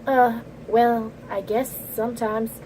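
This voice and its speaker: Woman playing a prickly little teen girl, high and snappy, flustered, faint hiss. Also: flat delivery, slow pace, dark tone, poor audio. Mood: defensive. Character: small prickly teenage girl, easily flustered. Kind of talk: dramatic reading of a visual novel.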